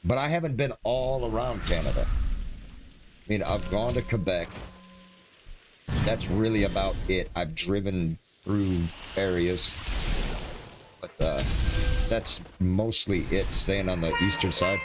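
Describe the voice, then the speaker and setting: A man's voice: low-pitched, takes it slowly, long pauses, over music. A man from New York chatting casually and teasingly with a guest on a live game stream, easygoing and friendly. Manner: laid-back, friendly, teasing banter.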